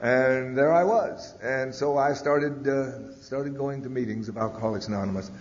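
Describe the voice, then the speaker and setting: A man giving a personal testimony talk at a convention, telling his story bluntly with frequent "uh" and "you know". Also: moderate pace. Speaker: speaker at a recovery convention. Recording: echoey hall, dull 1990s tape, faint rumble.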